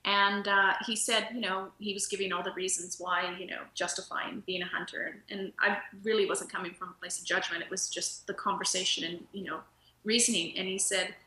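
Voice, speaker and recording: A woman's voice: mid-range voice, steady tone, fairly quick, sharp tone. A woman guest on a podcast, a nutritionist speaking casually and telling stories with plenty of laughter. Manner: storytelling, laughs often, acts out quoted dialogue. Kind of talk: casual interview storytelling. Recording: roomy echo.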